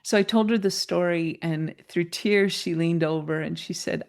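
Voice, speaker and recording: A woman guest, a mentor and coach, telling a personal story in an interview, animated and laughing, her pitch jumping up when she gets excited. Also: normal speed, vocal fry, few pauses.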